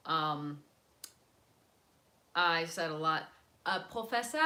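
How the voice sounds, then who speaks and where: A woman's voice: deep voice, takes it slowly, long pauses, pushed and bright. Chatty young American woman streaming. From United States. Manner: rambling, many fillers, drifts between topics and languages. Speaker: livestreamer chatting with viewers. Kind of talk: casual chat.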